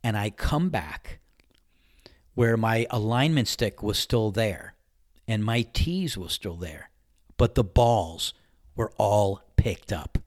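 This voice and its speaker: A man's voice: lowish voice, slow, dry recording, studio quality. A man hosting a podcast, telling a personal story in a candid, conversational way and acting out the dialogue. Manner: animated anecdote-telling, acts out dialogue; candid and conversational, mild swearing. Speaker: podcast host. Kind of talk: casual storytelling monologue.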